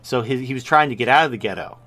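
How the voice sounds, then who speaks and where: A man hosting a casual live-stream talk show, speaking at a medium pitch. He talks bluntly and rambles, often breaking off and starting his sentences over. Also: fast, a bit bright, soft background music. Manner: rambling, blunt, with frequent restarts. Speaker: show host.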